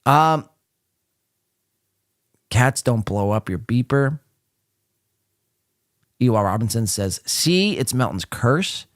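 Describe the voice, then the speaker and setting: A man's voice: medium pitch, lively intonation, slow, long pauses, no room sound, clean studio sound. A man hosting a live podcast, talking casually with blunt sarcasm and frequent swearing. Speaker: podcast host.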